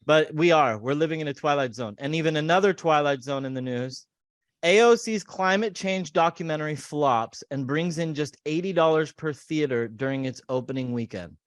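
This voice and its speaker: A man's voice: a little high, normal speed, no room sound, studio quality. A man hosting a podcast, reading memes aloud in casual, mocking chat. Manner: sarcastic, mocking. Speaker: podcast host.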